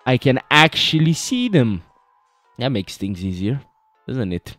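A man's voice: mid-range voice, very animated, measured pace, a bit bright, no room sound, faint music behind. A young man joking his way through a horror game playthrough, chatting and calling everyone "bro". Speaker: gaming video host.

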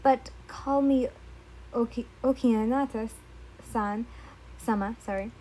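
A woman voicing a kindly older gentleman, courteous and a little fumbling over names. The tone stays mellow and husky, pitched slightly high. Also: fairly even intonation, takes it slowly, rough recording. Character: kindly older male head of household.

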